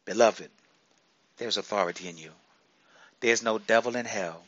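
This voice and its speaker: A male preacher delivering a sermon, repeating phrases for emphasis and breaking into sudden loud bursts. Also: on the low side, moderate pace, no room sound, lo-fi sound.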